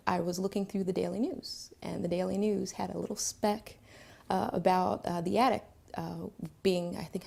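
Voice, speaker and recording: Philadelphia woman with a gravelly voice. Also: lowish voice, mellow. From Philadelphia, Pennsylvania. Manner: reflective, halting with many fillers. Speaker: storyteller. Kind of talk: personal storytelling.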